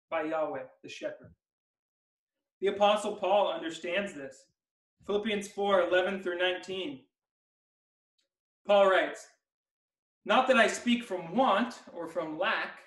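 A man preaching an expository sermon as pastor, emphatic and slowing down to stress key words. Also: sits high, fairly bright tone, echoey room, recorded from a distance, rough recording. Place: church sanctuary.

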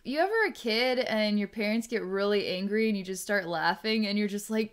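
A woman psychic giving an energy reading, musing aloud in a halting way and restarting her sentences as she goes. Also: mid-range voice, animated, clean tone. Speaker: psychic reader.

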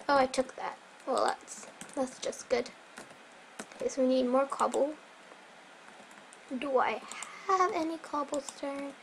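A woman casually commenting on her gameplay, rambling and correcting herself, sometimes dropping to a soft whisper, her voice a bit strained. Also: sits high, vocal fry, a little hiss or hum, poor audio. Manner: rambling, self-correcting, chatty. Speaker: Minecraft let's player.

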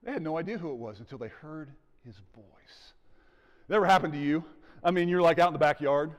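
A male pastor preaching a sermon in an animated way, acting out the scenes. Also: a little high, brisk, long reverb tail, muffled recording. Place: church sanctuary.

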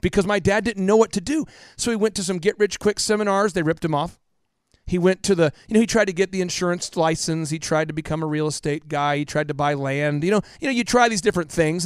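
A man's voice: high voice, smooth, no room sound. Emphatic man, dry studio. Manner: emphatic, repetitive, drops to a hush for emotional parts. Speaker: podcast guest, business coach. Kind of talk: impassioned storytelling interview.

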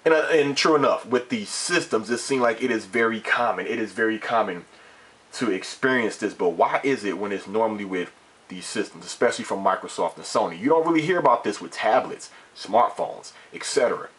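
A man's voice: lowish voice, animated, a little fast, fairly bright tone. A man vlogging a casual opinion rant about gaming, emphatic and repetitive, with mild swearing and frequent restarts.

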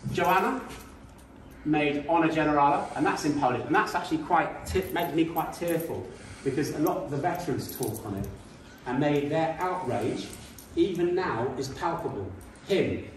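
A man's voice: on the high side, slight background noise. A middle-aged man giving an illustrated talk as a guest speaker, telling stories with emphasis and frequent hesitations. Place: school hall. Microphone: speaking at a distance from the mic. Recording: very echoey hall, voice from far off.

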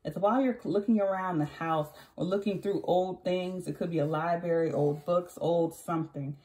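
A woman's voice: on the low side, moderate pace, dark tone. A woman giving a casual tarot reading who chats freely, corrects herself and laughs often. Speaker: tarot reader.

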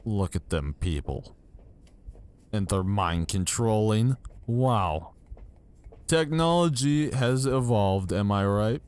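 An excitable young man talks through a video game as he plays, with a voice that swoops up and down. He speaks slowly and unhurriedly, and mocks himself cheerfully into a desk microphone. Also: lowish voice, clean tone. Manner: excitable, self-mocking reactions while playing. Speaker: gaming YouTuber. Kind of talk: casual let's-play commentary. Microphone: new desk microphone.

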